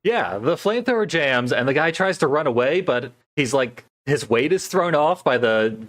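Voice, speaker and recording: A man co-hosting a podcast, giving a relaxed play-by-play recap of a movie and laughing often. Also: on the high side, moderate pace. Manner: laid-back play-by-play recapping with frequent laughs. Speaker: podcast co-host recapping a film. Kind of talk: casual chat.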